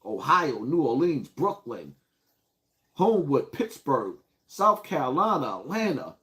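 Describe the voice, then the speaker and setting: Hyped New streamer, lively pitch. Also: male voice, unhurried. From Bronx, New York. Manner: hyped, calls out viewers by place. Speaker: live streamer. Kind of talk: casual livestream talk.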